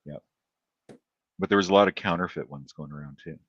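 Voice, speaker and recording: A man's voice: deep voice, moderate pace, dry recording, highs cut off. A man hosting a podcast, telling anecdotes casually and acting out the people in them. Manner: animated anecdote teller who acts out quotes. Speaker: podcast host. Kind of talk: casual chat.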